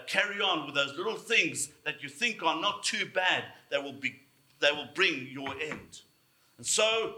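A man preaching a sermon, emphatic, slowing down to stress key words. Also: a little high, sharp tone. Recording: echoey room.

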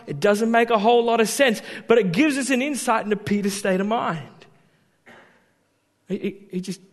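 A man preaching a sermon as a pastor, talking in an animated way that swings from loud emphasis to quiet asides. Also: sits high, long reverb tail.

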